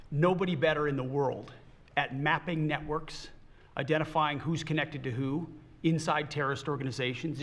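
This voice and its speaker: A man briefing reporters in a firm, emphatic tone, with a slightly high voice. He hammers his points home by repeating parallel phrases. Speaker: official briefing the press. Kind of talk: formal press briefing.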